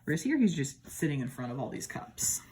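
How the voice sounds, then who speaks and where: At home, a Midwestern woman with a Midwestern accent reviews tarot decks, comparing them in a chatty, admiring way with playful asides. Her voice is deep and darkish, with a brisk, sing-song delivery.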